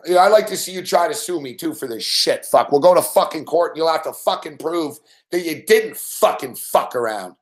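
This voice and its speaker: A man's voice: fairly high pitch, lively intonation, moderate pace. A young man hosting late-night sports betting commentary, ranting angrily and swearing at a referee. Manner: profane angry ranting.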